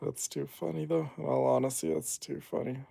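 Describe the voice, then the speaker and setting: A young man streaming and reading chat, teasing his viewers playfully and then turning soft and reassuring. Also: mid-range voice, steady tone, fairly quick, creaky, breathy edge, no room sound.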